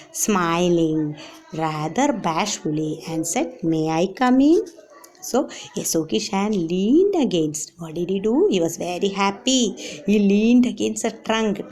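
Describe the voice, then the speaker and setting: A woman's voice: lowish voice, a little mellow. Woman teacher quizzing through a story. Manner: reads a line, then quizzes and rephrases it with many hums and fillers. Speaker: English teacher. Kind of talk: classroom lesson explaining a story.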